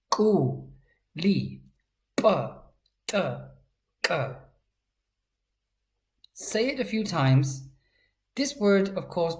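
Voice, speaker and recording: A woman's voice: deep voice, darkish tone. A British woman teaching pronunciation and handwriting, speaking carefully and sounding out each syllable. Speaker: language teacher. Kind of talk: slow instructional tutorial.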